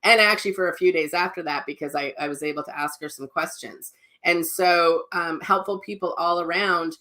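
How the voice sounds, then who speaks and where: Chatty low-voiced Midwestern woman. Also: a bit bright. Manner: chatty, rambling, many restarts and asides. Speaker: psychic medium and spiritual teacher. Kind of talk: casual spoken teaching with personal stories.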